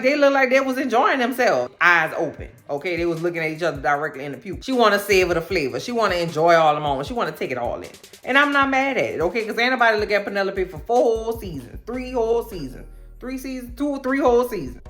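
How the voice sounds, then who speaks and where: Animated, slangy woman recapping a show. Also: medium pitch. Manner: animated, slangy storytelling with acted-out quotes. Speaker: recap vlogger. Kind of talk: casual TV recap chat.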